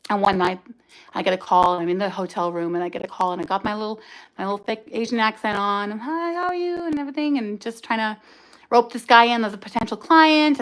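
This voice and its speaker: A woman's voice: fairly high pitch, a bit bright. A woman hosting a livestream, telling her own story in a candid, rambling and emotional way. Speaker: livestream host.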